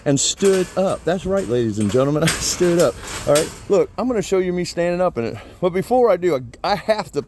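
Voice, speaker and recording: A man's voice: sits high, sing-song, fairly quick, few pauses, background noise. Folksy man, casual talker, friendly reviewer of a gear product. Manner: chatty, folksy, repeats himself. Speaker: product reviewer, channel host. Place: outdoors by a vehicle, then indoor man cave.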